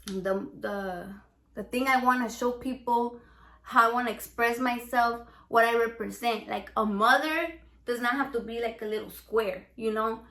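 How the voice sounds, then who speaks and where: A woman's voice: a little high, normal speed, a bit bright. A Mexican American woman with a Chicano English accent, hosting a casual cooking vlog in a brash, profane, playful way. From United States, Mexican American. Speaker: home cook and salsa seller. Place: home kitchen. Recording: echoey room.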